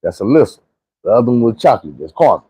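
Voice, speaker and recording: A man's voice: medium pitch, very animated, fast talker, mellow, husky, no room sound. A man casually telling a story from his own life in a slangy, profane, conversational way.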